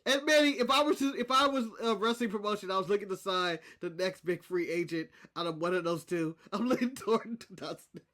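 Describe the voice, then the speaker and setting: A man's voice: sits high, brisk, hardly any pauses, bright, forceful tone. A man co-hosting a casual wrestling podcast, blunt and often laughing. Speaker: podcast co-host.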